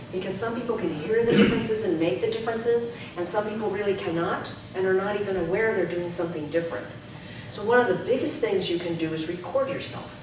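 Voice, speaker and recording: A woman speaking coach giving an energetic, emphatic presentation to a club and leading the audience in repeat-after-me drills. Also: medium pitch. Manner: energetic, emphatic, projecting to the back of the room. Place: meeting room. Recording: echoey room, distant mic, background noise.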